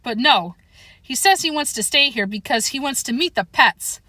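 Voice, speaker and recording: A woman's voice: high voice, lively intonation, moderate pace, sharp tone, no room sound, pitched above the performer's own voice, full character voice. A woman voicing a paranoid, theatrical male house cat in an audiobook reading. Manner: insistent, theatrical warnings.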